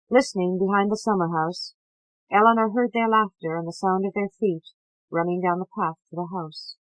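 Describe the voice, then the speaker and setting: A woman narrates a novel in a measured, even voice. Her pitch sits in a middle range. The recording is dry and close. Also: no room sound, rough recording. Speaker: audiobook narrator. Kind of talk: novel reading.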